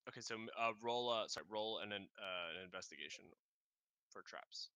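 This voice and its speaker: A man's voice: lowish voice, pushed and bright, clear, resonant tone, no echo. A man narrating a tabletop game as game master, often stopping and restarting his sentences. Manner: halting, restarts mid-sentence.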